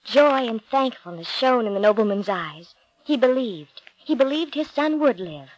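A woman narrating a Bible storybook in a slow, expressive, deliberate reading. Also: a little high, no room sound, poor audio.

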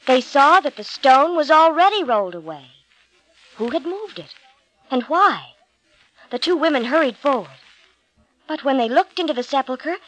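A woman's voice: on the high side, fairly bright tone, rough recording. Woman reading a storybook aloud. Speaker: narrator.

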